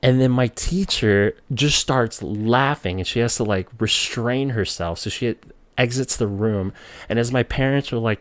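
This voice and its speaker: Speaking casually and conversationally, a low-voiced man from the Philippines recounts something from his own life. There's no echo or room sound in the close, dry recording, and his pitch leaps up when he imitates his younger self.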